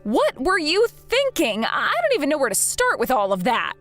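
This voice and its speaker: A woman speaking firmly and coldly as a daughter cutting off her family in an animated story. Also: high voice, moderate pace, faint music behind. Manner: firm and cold. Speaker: narrating daughter.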